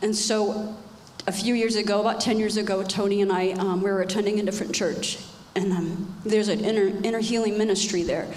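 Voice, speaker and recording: A woman's voice: mid-range voice, fairly even intonation, brisk, few pauses, a little mellow, a little hiss or hum. An older woman giving an earnest personal testimony on a church panel, repeating phrases for emphasis. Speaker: panel guest. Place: church stage. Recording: echoey church hall with reverb.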